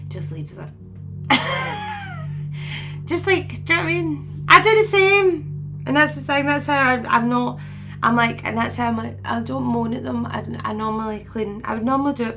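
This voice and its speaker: A gravelly, somewhat high-voiced woman in her forties, who hosts as a spiritual medium, talks loosely with viewers. She wanders from point to point, laughing a lot as she relays past conversations.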